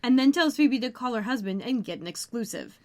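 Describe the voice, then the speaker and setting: A woman's voice: fairly high pitch, animated, brisk, a little mellow. A woman co-hosting a podcast, recapping a TV episode in casual chat, full of jokes and side remarks. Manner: chatty, jokey, tangents and side comments. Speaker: podcast co-host.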